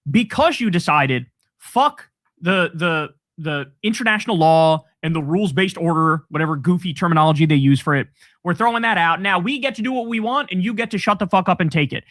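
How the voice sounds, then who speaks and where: High-voiced man ranting, dry close sound. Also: a bit bright, no echo. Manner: profane, scornful, emphatic. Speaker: political commentator. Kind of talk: heated political rant.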